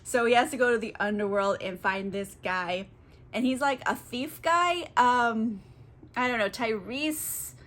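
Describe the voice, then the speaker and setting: A woman's voice: a little high, unhurried, fairly bright tone. A tipsy woman retelling a classic book as a casual comedic recap, rambling, swearing and giggling. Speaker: book vlogger.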